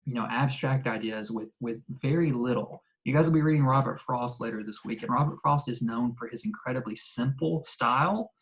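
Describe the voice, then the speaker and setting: A man's voice: mid-range voice, a little fast, few pauses, rough recording. A man teaching a ninth-grade English class in a recorded remote lesson, explaining in a casual way with many fillers and restarts.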